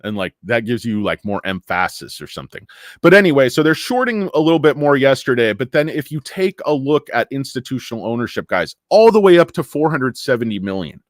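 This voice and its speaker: A man's voice: mid-range voice, big pitch swings, brisk, no room sound, studio quality. A middle-aged man hosting a stock market show, ranting in rambling, jokey, profane commentary full of tangents.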